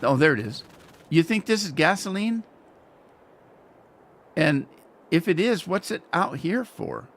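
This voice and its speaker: A man's voice: a little high, expressive, unhurried, pauses often, a bit bright. A man rambling and joking his way through casual commentary while he plays a farming game. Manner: joking, rambling, self-mocking. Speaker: game streamer.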